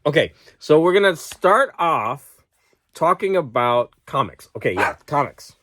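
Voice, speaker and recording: A man's voice: on the high side, very animated, measured pace, sharp tone, slight background noise. A man who teaches school, chatting casually to camera at home, rambling and laughing at his own stories while getting over a cold. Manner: rambling, laughs often, talks to his dog. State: has a cold. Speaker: vlogger and teacher. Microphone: camera close-up.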